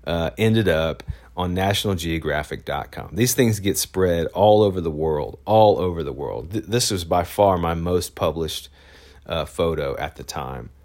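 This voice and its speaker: A man with a very low voice tells a story as a photojournalist, casual and meandering. He stops and restarts often and leans on fillers. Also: measured pace, a little mellow. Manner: rambling, with many fillers and restarts.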